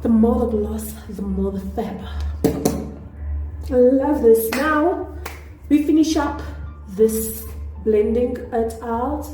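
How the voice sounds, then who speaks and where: A woman's voice: fairly high pitch, slow, pauses often. Chatty woman with a put-on Nigerian accent. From South Africa. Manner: chatty, excitable, self-deprecating. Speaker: beauty vlogger. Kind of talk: casual makeup tutorial. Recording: echoey room with faint music.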